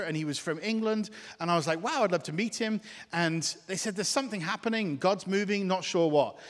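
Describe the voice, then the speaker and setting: Male pastor, higher voice, storytelling sermon that acts out conversations, recorded with a long hall reverb. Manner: animated storyteller acting out dialogue, many restarts.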